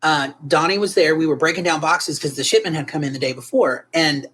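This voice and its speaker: Woman telling an animated story. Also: low-pitched, a little fast, a little hiss or hum. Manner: animated, emotional storytelling with frequent restarts. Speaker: guest artist. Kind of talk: storytelling interview answers.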